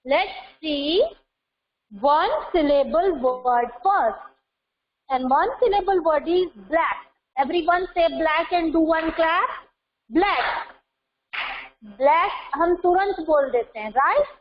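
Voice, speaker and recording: A female teacher with an Indian English accent leads a lesson, drilling and repeating each word. Her voice sits high and she speaks slowly and deliberately. The recording is dull and lo-fi. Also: a little hiss or hum. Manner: repetitive, drills words, mixes Hindi into English. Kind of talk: online class lesson. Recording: dull lo-fi sound.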